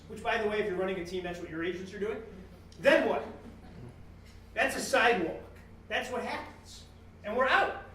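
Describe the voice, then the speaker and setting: High-voiced man giving an animated keynote. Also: slight background noise. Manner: animated, joking, acts out customer exchanges in quoted voices. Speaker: guest speaker at a business talk series. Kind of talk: motivational business keynote. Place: event room with a live audience. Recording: echoey room, mic at a distance.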